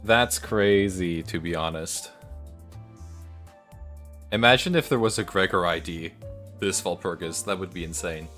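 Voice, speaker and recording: A man's voice: deep voice, moderate pace, pauses often, bright, forceful tone, faint music behind. A male streamer reading through a game story and commenting casually, laughing and poking fun at himself. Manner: casual, laughing, self-mocking.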